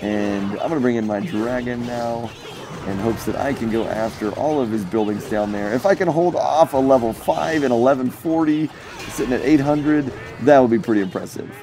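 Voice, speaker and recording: A young man hosting his gaming channel, chatty and jokey, commentating a mobile strategy match and getting excited at close moments. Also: mid-range voice, moderate pace, over music. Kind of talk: gameplay commentary.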